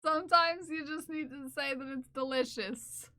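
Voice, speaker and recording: A woman's voice: high-pitched, fairly even intonation, moderate pace, sharp tone, no echo. A woman live streamer chatting casually and playfully with her viewers, often giggling and teasing. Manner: playful, giggly, talks to chat. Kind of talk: casual livestream chat.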